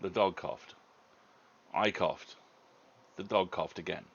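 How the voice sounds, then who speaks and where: A man's voice: low-pitched, steady tone, takes it slowly, husky. A man co-hosting a livestream in a casual chat, rambling and swearing freely. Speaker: co-host reading stories on a livestream. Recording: dull lo-fi stream audio.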